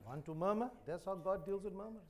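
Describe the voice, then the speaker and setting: A man's voice: high voice, a little fast, a little mellow. A man preaching a sermon, joking and chatty, repeating phrases. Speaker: pastor. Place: church.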